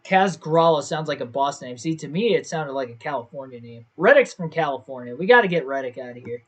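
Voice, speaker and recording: A man's voice: fairly high pitch, expressive, fast talker, fairly bright tone. Young man thinking aloud on stream. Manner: thinks aloud, second-guesses himself. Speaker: gaming livestreamer. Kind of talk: casual livestream commentary.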